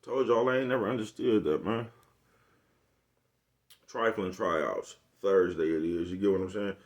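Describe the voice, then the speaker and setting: Lowish guy ranting on his vlog, cussing and chuckling, keeps asking if you know what he's talking about. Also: moderate pace. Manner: loose slangy street talk with profanity. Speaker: vlogger. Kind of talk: casual comedic rant to camera.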